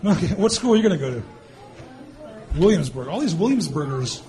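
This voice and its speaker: A man in his fifties or sixties, a mayor teasing children at a public meeting with quick jokes and frequent laughs. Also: a little high, sing-song. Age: born 1964, 50s or 60s. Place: meeting hall with an audience. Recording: crowd noise behind. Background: crowd.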